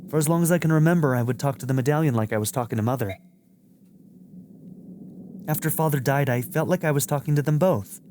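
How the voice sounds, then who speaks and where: A man voicing a gentle, frightened young girl in a video game let's play, speaking soft and pleading. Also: medium pitch, fast, long pauses, a little hiss or hum, natural voice. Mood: tender.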